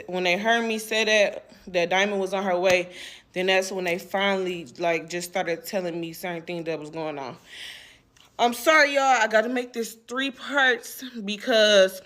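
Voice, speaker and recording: A woman's voice: on the low side, fairly bright tone. A young woman telling her own painful story in casual, emotional talk, rambling and repeating herself with many fillers.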